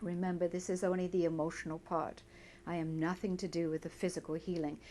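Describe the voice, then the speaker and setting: A woman practitioner leading a guided tapping session, speaking gently and repeating phrases for listeners to say along. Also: lowish voice, flat delivery, brisk, slight background noise.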